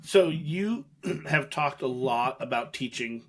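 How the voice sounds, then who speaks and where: A man hosts an interview podcast. He speaks in brief, relaxed questions and short acknowledgments, letting his guest do most of the talking. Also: mid-range voice, slow. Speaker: podcast host.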